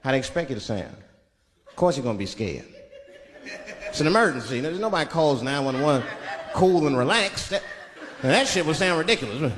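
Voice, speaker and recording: A male comedian tells stories in a loose, profane style. His voice runs high and swings widely in pitch. He is heard on a live stage with long reverb and an audience. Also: sing-song, brisk, long pauses, crowd noise. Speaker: stand-up comedian. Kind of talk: stand-up comedy.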